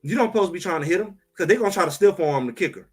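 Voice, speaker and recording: Animated man talking football, music behind. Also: sits high, very fast, slightly rough. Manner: animated, emphatic, trash-talking. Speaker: sports talk co-host. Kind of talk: casual sports chat.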